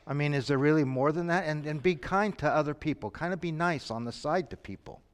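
A man preaching a sermon, moving between quiet lines and sudden shouts. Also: a little high, a little fast, few pauses, clean tone. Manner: dramatic, shifts from quiet to shouting. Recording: long reverb from a hall.

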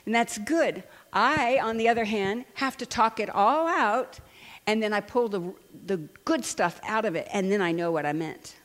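An older woman preaching in a large hall, her voice trailing into a long reverb. She tells stories animatedly, laughs often, and speaks at a middle pitch. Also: lively intonation, normal speed. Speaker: Christian speaker and counselor. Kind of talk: sermon with personal stories.

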